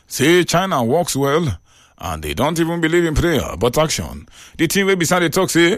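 A man with a Nigerian accent hosting a radio phone-in, talking in an animated way with exclamations and preachy asides. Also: on the high side, moderate pace, no room sound, studio quality. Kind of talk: lively radio talk in Pidgin. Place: radio studio.

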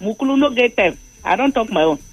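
A woman's voice: on the high side, lively intonation, quick pace, slightly rough, lo-fi sound. A Nigerian woman calling in to a radio show, pressing the host for an answer. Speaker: radio caller. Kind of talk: phone-in chat.

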